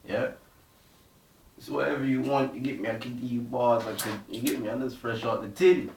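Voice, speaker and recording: Young Bristol MC, roomy and distant. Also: male voice, medium pitch, steady tone, normal speed, gravelly, a little mellow, a little hiss or hum. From Bristol, England. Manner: slang-heavy, keeps asking "you get me", "innit". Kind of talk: street talk and freestyle rap.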